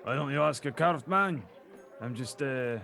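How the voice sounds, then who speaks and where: A man voicing a small, very round, hairy male dwarf who is shifty and evasive, speaking in a gruff tavern drawl during a tabletop role-play. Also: on the low side, a little fast, sharp tone.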